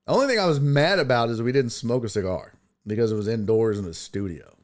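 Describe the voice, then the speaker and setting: A man's voice: medium pitch, fast. A man hosting a sports podcast, telling a rambling, profane story in casual chat. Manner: rambling, profane storytelling with animated quoted asides.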